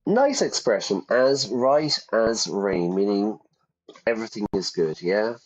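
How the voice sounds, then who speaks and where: In a dull, lo-fi recording, a man with a lowish, expressive voice takes his time as he runs a casual vocabulary lesson over gameplay. He keeps it chatty, explaining English words through everyday examples.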